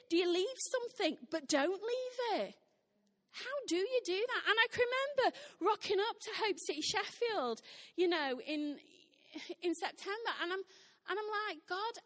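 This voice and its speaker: Bright, high-voiced woman preaching. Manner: emphatic, repeats exhortations. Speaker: church speaker. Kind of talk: sermon.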